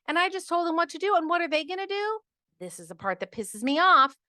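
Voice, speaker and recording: A middle-aged woman hosting a podcast, ranting in an animated, exasperated way and acting out patients in quoted asides. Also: very high-pitched, fast talker, dry recording, studio quality. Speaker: podcast host. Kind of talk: casual podcast monologue.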